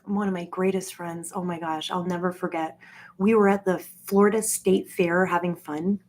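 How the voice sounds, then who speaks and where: Husky woman in her forties rambling. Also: on the low side, steady tone, a little mellow. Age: 40s. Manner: halting, heavy with "like" fillers. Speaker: streamer talking to viewers. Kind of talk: rambling casual monologue.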